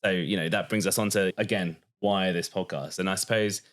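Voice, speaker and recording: A man's voice: sits low, steady tone, brisk, a bit bright. An English man co-hosting a podcast, chatting casually and telling stories with an easy laugh. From United Kingdom. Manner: chatty, storytelling, laughs easily. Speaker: podcast co-host. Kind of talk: casual chat.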